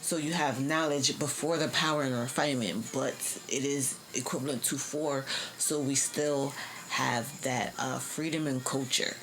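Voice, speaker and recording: A woman's voice: rumbling low, fairly even intonation, unhurried, slight background noise, low-quality recording. A young woman giving a casual tarot reading, slangy and profane, laughing often. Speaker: tarot reader.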